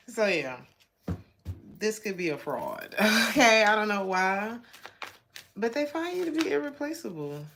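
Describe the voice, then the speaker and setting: A woman's voice: on the low side, expressive, measured pace, fairly bright tone. An American woman from Georgia doing a casual tarot reading, chatty and blunt, laughing often as she talks. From Georgia, USA. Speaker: tarot reader.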